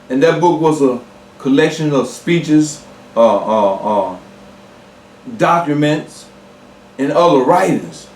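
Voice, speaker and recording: A man delivers a sermon at a measured, unhurried pace, leaning on repetition and stretching out his emphasis. His voice sits a little high for a man. It carries from some distance off the mic, ringing in a roomy space. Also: darkish tone. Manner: slow, emphatic preaching with repetitions and fillers. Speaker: preacher.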